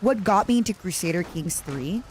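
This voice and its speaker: A woman's voice: fairly low pitch, lively intonation, normal speed, darkish tone, a little hiss or hum. Chatty woman streamer, dramatic asides. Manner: chatty, dramatic, talks to chat and the game. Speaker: VTuber streamer. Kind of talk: casual gameplay commentary.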